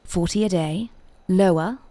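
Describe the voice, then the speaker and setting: Poised woman with a low voice. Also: a little slow, mellow, dry recording. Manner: poised, theatrical, lecturing. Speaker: voice coach character. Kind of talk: game role-play interview.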